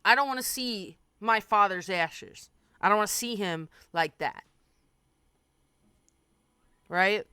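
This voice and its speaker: Young woman streamer, candid storyteller with a dark sense of humor and a dry, close sound. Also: medium pitch, animated, slow, pauses often, clear, resonant tone, no room sound. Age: 20s. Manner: candid, darkly funny, swears freely. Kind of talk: casual storytelling.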